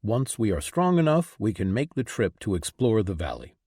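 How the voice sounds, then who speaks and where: A man's voice: fairly low pitch, sing-song, moderate pace, darkish tone, slightly rough, no room sound, clean studio sound. A man reading an audiobook, voicing a practical young man who reasons firmly. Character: level-headed young man, firm and practical.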